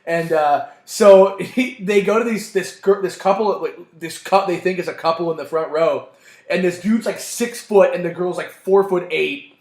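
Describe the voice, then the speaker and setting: A man co-hosting a podcast in casual chat, excitable and swearing a lot as he retells scenes. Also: sits high, normal speed, echoey room. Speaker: podcast co-host.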